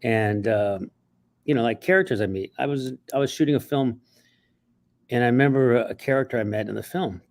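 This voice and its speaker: A male writer and actor telling stories in an interview, animated and acting out bits along the way. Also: medium pitch, fairly quick. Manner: animated, acts out voices, frequent restarts. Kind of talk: interview storytelling.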